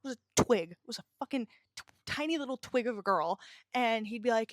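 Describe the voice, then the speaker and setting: A woman's voice: fairly high pitch, animated, brisk, no room sound, clean studio sound. A young woman hosting a podcast, telling her own story in a candid, rambling way, swearing freely. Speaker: podcast host. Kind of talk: casual personal storytelling. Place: indoors while it rains outside.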